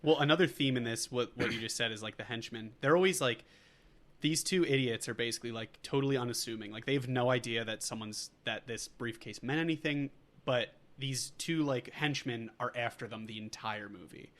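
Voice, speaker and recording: Podcast co-host, man, relaxed and chatty, repeats favorite lines with a laugh. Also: medium pitch, brisk. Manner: laid-back, echoes quotes back and laughs. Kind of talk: casual movie podcast chat.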